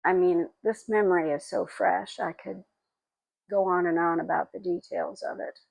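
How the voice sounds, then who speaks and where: A woman in her sixties telling personal memories in a halting, reflective, tearful way. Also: on the low side, fairly even intonation, vocal fry, a little mellow, no room sound, rough recording. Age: 60s. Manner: halting and reflective, with frequent pauses and fillers; tearful and emotional. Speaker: spiritual vlogger. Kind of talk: personal memoir monologue.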